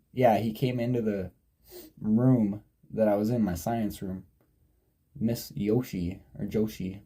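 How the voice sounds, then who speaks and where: A man's voice: fairly low pitch, warm tone. A young man in his twenties vlogging, telling a story in a casual, rambling way, swearing freely and often sidetracking and correcting himself. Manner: digressive, profane, sidetracks and self-corrects.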